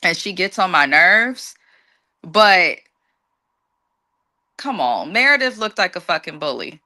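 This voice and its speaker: A woman's voice: lowish voice, big pitch swings, slow, sharp tone. A woman co-hosting a reality-TV recap, giving her opinions in a blunt, profane rant. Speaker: co-host. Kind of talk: casual recap commentary.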